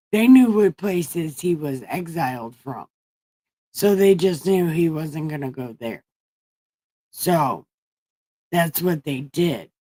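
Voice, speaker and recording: A woman's voice: fairly low pitch, mellow, no room sound, low-quality recording. A woman hosting a livestream and retelling Bible stories in a rambling, profane, irreverent way. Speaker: livestream host. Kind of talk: casual comedic Bible retelling.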